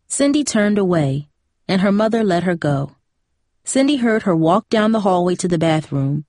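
A woman narrating a novel in a steady, even storytelling manner. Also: on the low side, normal speed, no echo, clean studio sound. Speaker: audiobook narrator. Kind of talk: scripted narration.

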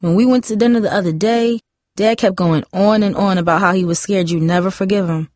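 A woman reading a novel aloud, voicing a defensive, chatty fourteen-year-old girl with high, emphatic outbursts. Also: brisk, darkish tone, dry recording, studio quality, natural voice. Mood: earnest.

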